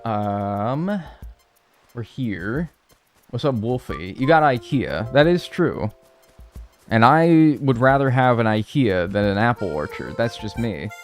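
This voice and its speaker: A man's voice: medium pitch, expressive, takes it slowly, soft background music. A man in his twenties, a game streamer chatting casually with live viewers in a rambling, joking way. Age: 20s. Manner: rambling, joking, full of filler "like".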